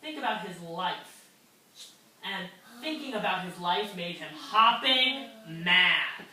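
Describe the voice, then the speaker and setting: Brief: animated woman teacher, bright tone, reading in an echoey classroom from a distance. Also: lowish voice, takes it slowly, slight background noise. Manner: lively, expressive storytelling. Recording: echoey classroom, mic far off.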